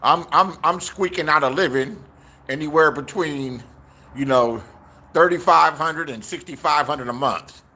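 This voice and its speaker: Man, 60s, from Inglewood, bright piercing voice, casual profane storytelling, acts out the voices he quotes. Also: a little high, unhurried. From Inglewood, Los Angeles, USA. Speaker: YouTuber. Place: outdoors.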